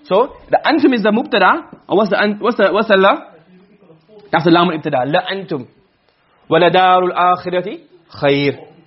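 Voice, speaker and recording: A man teaching a class, lecturing quickly and often checking with his students. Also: high-pitched, lively intonation, breathy edge, dull audio. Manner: quick, questioning students often, mixing Arabic terms. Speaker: teacher of Arabic rhetoric.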